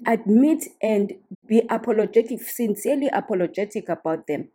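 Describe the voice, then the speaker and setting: A woman talks straight to her listeners in a casual podcast monologue, earnest and instructive. Her voice is very dark and mellow, with a husky, breathy edge. She keeps checking that the listener is following. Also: mid-range voice, lively intonation, normal speed. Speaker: podcast host.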